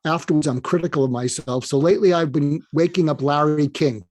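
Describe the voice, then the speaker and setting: A man being interviewed as a doctor, telling rambling, animated anecdotes. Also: a little high, brisk, no room sound. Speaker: guest, doctor. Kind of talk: interview storytelling.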